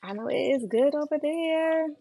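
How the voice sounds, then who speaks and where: Tired gravelly-voiced woman cooking live. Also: high-pitched, moderate pace, mellow, a little hiss or hum, rough recording. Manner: chatty, reads out viewer comments and replies to them. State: tired from lack of sleep. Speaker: livestream host cooking dinner. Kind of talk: casual livestream chat while cooking. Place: home kitchen. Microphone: phone livestream. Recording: kitchen clatter of pans and cutlery.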